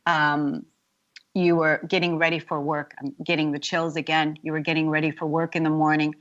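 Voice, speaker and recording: A woman's voice: deep voice, muffled recording. A woman hosting a talk radio interview, setting up the guest's story with hesitant fillers and restarts. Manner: warm-up recap, hesitant with fillers. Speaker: radio show host.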